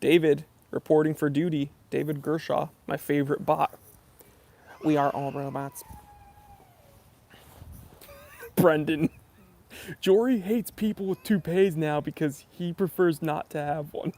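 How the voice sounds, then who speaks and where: A man hosting a casual live-stream Q&A, reading viewer comments and joking around in an animated way. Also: on the high side, slow pace, creaky, long pauses. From Los Angeles area. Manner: joking, animated, self-deprecating banter. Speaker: YouTube channel host doing a live stream Q&A.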